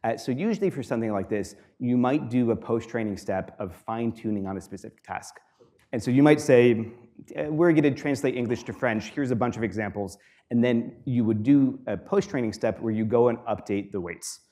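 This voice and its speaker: A man giving a university guest lecture in a relaxed, explanatory way, with frequent fillers, repeating students' questions aloud. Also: medium pitch, a little fast. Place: lecture hall.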